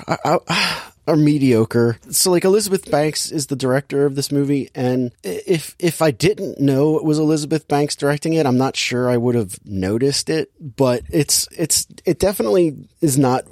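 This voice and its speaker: A man's voice: a little high, lively intonation, normal speed, hardly any pauses, darkish tone, dry recording, studio quality. Sarcastic man griping about a movie. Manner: exasperated, sarcastic, acts out quotes. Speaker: movie podcast host. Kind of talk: casual movie review chat.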